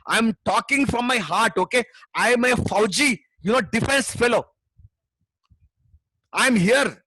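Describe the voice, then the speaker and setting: A middle-aged man with an Indian English accent, giving a passionate, pushy webinar sales pitch as a memory trainer, full of tag questions. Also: a little slow, sharp tone, breathy edge, no echo.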